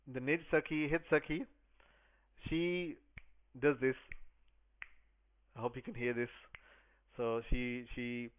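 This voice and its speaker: A man with a smooth, resonant voice tells a devotional story and explains its verses, circling back eagerly over his words. He recites the verses slowly in a chanting way. The sound is thin and boxy, like a phone line. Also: medium pitch.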